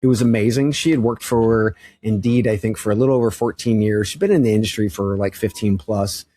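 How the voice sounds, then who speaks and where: A man co-hosting a podcast, telling an animated story in casual chat and swearing freely. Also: lowish voice, fairly quick. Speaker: podcast co-host.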